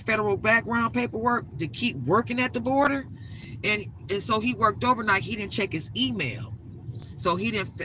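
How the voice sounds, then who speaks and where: An older woman hosting a live stream, telling a story in an emphatic, animated way and swearing freely. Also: mid-range voice, slight background noise, low-quality recording. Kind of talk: casual storytelling rant.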